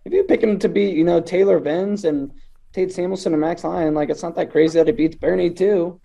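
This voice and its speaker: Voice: medium pitch, steady tone, fairly quick, vocal fry, dark tone. A co-host in a casual sports chat, teasing and hedging with filler words.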